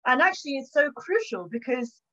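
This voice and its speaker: A woman historian speaks from her home with a fairly high voice, animated and chatty as she tells stories. She acts out the little exchanges she describes. The audio is dull and lo-fi. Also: brisk. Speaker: historian guest. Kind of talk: conversational interview. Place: home, bookshelf behind her.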